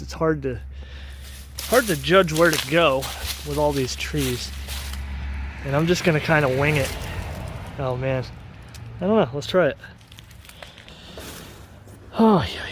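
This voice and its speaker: A man's voice: a little high, fairly bright tone. A man filming himself outdoors in muddy woods, chatting and talking to himself in a self-deprecating way. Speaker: vlogger. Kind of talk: casual self-filmed commentary. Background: tractor engine noise.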